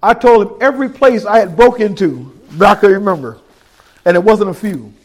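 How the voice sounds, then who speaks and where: A middle-aged man with a high voice tells his testimony as a sermon, speaking a little fast. He voices the other characters in his story and swings from hushed to loud.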